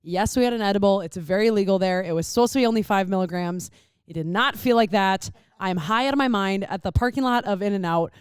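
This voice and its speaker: A woman's voice: mid-range voice, fast talker, smooth, no room sound, clean studio sound. A young woman co-hosting a podcast, telling stories in casual chat with lots of fillers. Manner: animated storyteller, lots of "like". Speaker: podcast co-host.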